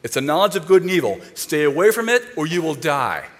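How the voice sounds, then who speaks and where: A man preaching a sermon, animated and given to jokes, telling the story with rising and falling emphasis. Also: on the high side, a little fast, long reverb tail. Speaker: pastor.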